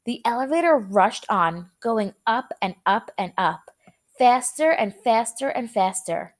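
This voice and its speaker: A woman's voice: a little high, lively intonation, measured pace. A young woman teacher reading a chapter aloud to her students and explaining words in a casual, chatty way.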